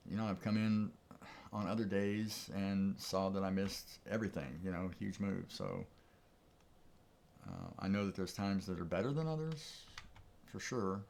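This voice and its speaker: Low gravelly man talking trades. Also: darkish tone. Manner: thinking aloud, easygoing, with chuckles. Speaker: trading streamer. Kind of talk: casual live-stream commentary.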